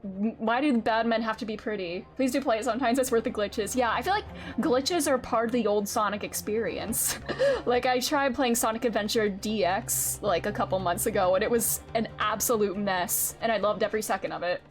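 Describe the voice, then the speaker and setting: Excitable young woman streamer. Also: on the high side, brisk, faint music behind. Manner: excitable, swearing, frequent laughter. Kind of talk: casual game-stream commentary.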